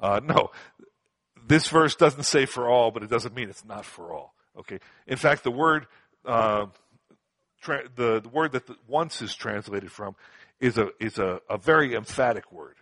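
A man's voice: fairly low pitch, animated, moderate pace, fairly bright tone, dry recording. A man teaching a Bible passage verse by verse to a live group, conversational, repeating words for emphasis and asking rhetorical questions. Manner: frequent fillers and rhetorical questions.

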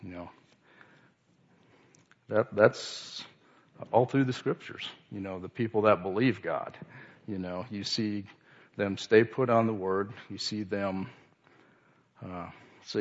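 A man giving an informal sermon, halting, with many restarts and fillers. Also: on the low side, fairly even intonation, dull audio. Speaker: lay speaker.

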